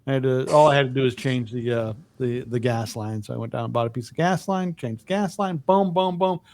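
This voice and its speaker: A man's voice: medium pitch, fairly quick, darkish tone, dry recording. A middle-aged man co-hosting a podcast, telling rambling, profane stories in casual chat. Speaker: podcast co-host.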